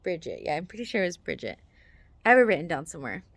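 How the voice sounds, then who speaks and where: A woman's voice: on the low side, very animated, racing, creaky. A woman, a mother, casually telling a personal story to the camera. She talks in a chatty way, full of "like" fillers, and often acts out the voices of the people she quotes.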